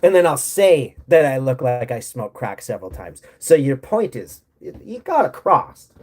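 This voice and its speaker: A man's voice: medium pitch, sing-song, moderate pace, darkish tone. Blunt, profane man ranting on a livestream. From United States. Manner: reads and answers chat. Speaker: livestream host. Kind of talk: casual livestream rant.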